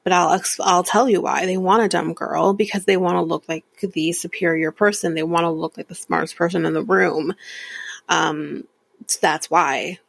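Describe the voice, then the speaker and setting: Chatty woman with a gravelly voice. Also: lowish voice, fairly even intonation, normal speed, no room sound. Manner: chatty, candid, laughs often, drifts into whispered asides. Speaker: podcast host recapping a reality show. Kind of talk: casual chat.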